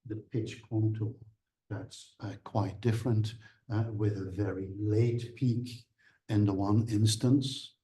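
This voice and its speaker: A man giving an academic seminar lecture, explaining things in a measured way. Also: lowish voice, steady tone, dark tone, husky.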